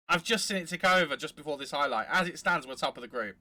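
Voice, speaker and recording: A man narrates a football management game in a chatty, excitable let's play commentary. His voice sits a touch high with a piercingly bright, tense edge. The sound is close and dry, with no room around it. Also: fast talker, hardly any pauses, no room sound. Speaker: gaming channel host.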